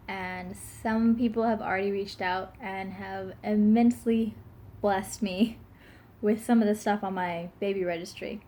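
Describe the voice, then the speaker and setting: A woman's voice: medium pitch, mellow, a little hiss or hum. A young pregnant woman in her twenties chatting casually to camera, rambling with lots of fillers and giggles. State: pregnant, burping now and then. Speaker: vlogger.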